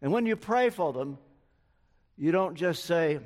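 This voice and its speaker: An older man preaching a sermon in a large church hall, slow and earnest, telling personal stories. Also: on the high side, animated. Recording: long hall reverb.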